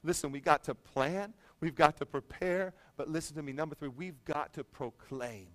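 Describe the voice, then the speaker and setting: Young male pastor, bright high tone, dry close mic, chatty sermon delivery. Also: moderate pace, no room sound, poor audio. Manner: conversational preaching, rising to emphatic proclamation.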